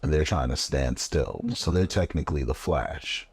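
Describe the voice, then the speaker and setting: A man's voice: very deep voice, animated, normal speed, vocal fry, slightly rough. A man hosting a casual interview, asking questions in a laid-back way. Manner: laid-back, frequent affirming mm-hmms.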